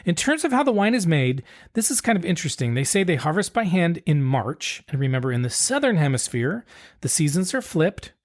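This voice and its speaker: A man's voice: a little high, very animated, fairly quick. A man co-hosting a podcast in casual chat, explaining things in a laid-back, detailed way. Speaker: podcast co-host.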